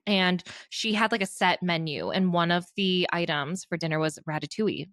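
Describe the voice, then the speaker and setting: A woman's voice: fairly low pitch, moderate pace, fairly bright tone, no echo, studio quality. A young woman in her twenties co-hosting a podcast, chatting casually, giggling and rambling through her stories. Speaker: podcast co-host. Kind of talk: casual chat.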